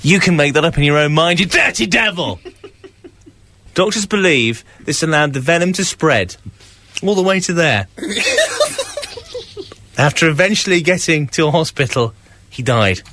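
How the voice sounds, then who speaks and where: English breakfast radio guy, jokey and bright, pitch a bit high. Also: normal speed, long pauses, a little hiss or hum. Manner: playful, animated, slips into silly voices. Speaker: radio breakfast show host. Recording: studio radio mic.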